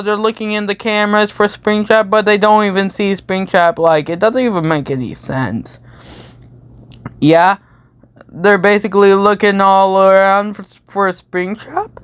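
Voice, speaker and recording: A woman rattles through a comedic movie recap in a goofy, rambling way, stacking meme slang as she goes. Her voice is smooth and clean, at a middle pitch. The sound is dry and close, with no room around it. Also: unhurried, dry recording. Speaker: YouTube commentator.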